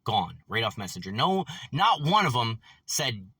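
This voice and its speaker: An agitated man swears and repeats himself in a rambling vlog recorded in a vehicle after work, a distant mic catching faint vehicle noise. His medium-pitched voice, pushed, bright and husky, swings widely in pitch, moves a little slowly, and has no echo.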